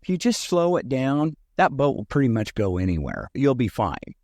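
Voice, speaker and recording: A man voicing his brother as an upbeat, folksy salesman pitching a boat. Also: big pitch swings, moderate pace, darkish tone, no room sound, studio quality. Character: eager persuasive brother selling a boat, man.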